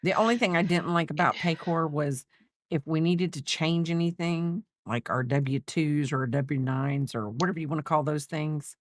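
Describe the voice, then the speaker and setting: A woman chatting casually off to the side, telling relaxed little anecdotes. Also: sits low, moderate pace, hardly any pauses, no echo, studio quality. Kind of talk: casual chat.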